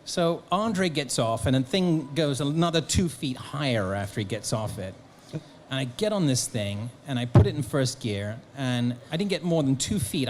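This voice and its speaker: A man at a convention Q&A with a mid-range voice, spinning an animated story in an easy, conversational flow. Faint noise sits under his voice. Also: mid-range voice. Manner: animated storyteller, acting out quotes. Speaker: guest actor and author. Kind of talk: anecdotal convention Q&A. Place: convention hall.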